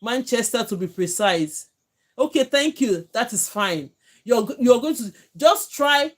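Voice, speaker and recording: A woman's voice: fairly high pitch, animated, measured pace. A woman from Nigeria with a Nigerian accent, teaching hair braiding on a live stream from home, chatting and thanking viewers by name. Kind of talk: live-stream tutorial chat.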